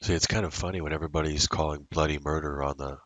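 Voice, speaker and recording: A man with a steady bass voice talks fast, his tone fairly bright and the sound free of echo. Day trading at his computer, he gives casual live commentary on his moves, rambling and muttering to himself with plenty of fillers.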